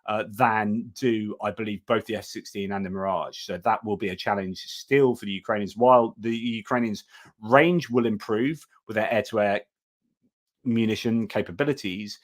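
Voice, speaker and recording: A man's voice: on the low side, moderate pace. A man hosting a live-stream news update, reading items aloud with frequent fillers, restarts and chatty asides. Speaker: host.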